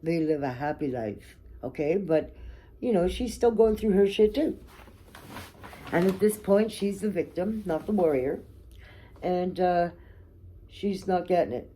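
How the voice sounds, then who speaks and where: Low, warm-voiced woman, blunt storyteller. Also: expressive, measured pace, long pauses. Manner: candid and blunt, swears freely, frequent "okay?" and "right?". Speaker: vlogger telling her life story. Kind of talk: personal storytelling to camera.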